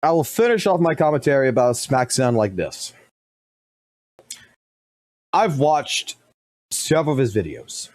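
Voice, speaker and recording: A man streaming live commentary, blunt and profane, talking fast and animated. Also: medium pitch, no room sound.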